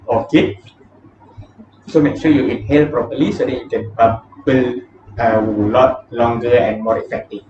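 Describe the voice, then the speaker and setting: A man talks a group through breathing exercises for a vocal warm-up, counting down each set and explaining in a relaxed way. His voice sits in a roomy space, picked up from a distance. The sound is dull, with clear noise behind it. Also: medium pitch, measured pace. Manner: counts down steps and explains with casual fillers. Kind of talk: guided breathing exercise lesson. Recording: echoey room, distant mic, dull and noisy.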